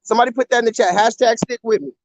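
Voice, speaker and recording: Walking around with his phone, a male livestreamer speaks rapid-fire in a very high voice, repeatedly telling viewers to comment in the chat. His delivery is animated and repetitive. The audio quality is poor.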